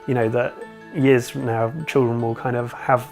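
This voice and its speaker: A man's voice: medium pitch, level tone, moderate pace, a little mellow, soft background music. A man, an illustrator, giving interview remarks in a hesitant way with many fillers.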